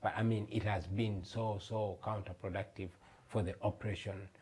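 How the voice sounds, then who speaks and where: A man's voice: on the low side, fairly even intonation, moderate pace, a little mellow, breathy edge. A man in his thirties from Uganda, an earnest, emphatic guest in a TV studio interview. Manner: earnest, emphatic, repeats words. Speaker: guest, musician.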